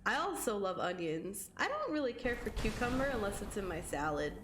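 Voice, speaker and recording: Very animated and fairly quick, this medium-pitched live streamer plays a game and chats casually with viewers over background noise. She's a young woman who giggles a lot and swears freely.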